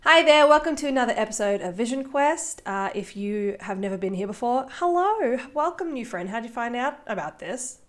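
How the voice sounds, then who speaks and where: A woman with an Australian accent hosting a podcast, playful and theatrical, swinging between loud bursts and soft asides. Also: a little high, lively intonation, moderate pace, hardly any pauses. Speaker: podcast host. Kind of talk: casual podcast chat.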